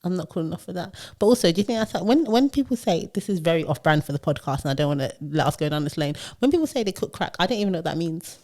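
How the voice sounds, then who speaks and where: A young woman co-hosting a podcast in casual chat, animated and laughing often, acting out quotes from other people. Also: lowish voice, very fast, few pauses. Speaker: podcast co-host.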